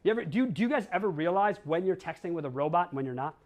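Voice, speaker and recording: Speaking very fast in a high-pitched, darkish voice with lively intonation, a conference speaker from Chicago, USA, in his forties tells energetic stories to a crowd. He's blunt and brash, peppering the talk with slang and rhetorical questions.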